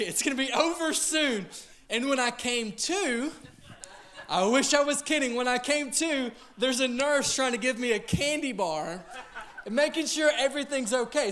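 Pastor, man, 30s, high-pitched, comic storytelling sermon, self-mocking, keeps asking the crowd "all right?". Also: a bit bright. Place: church auditorium.

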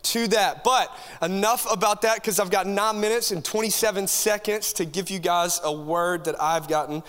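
A man, a youth pastor preaching an energetic, joking sermon to a congregation in a large church hall. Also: high voice, moderate pace. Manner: animated, joking, talks straight to the crowd. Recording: long hall reverb from a church room.

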